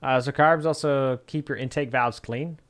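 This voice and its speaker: A man's voice: medium pitch, fairly even intonation, normal speed. A man streaming, thinking aloud in casual chat with many fillers and answering his chat.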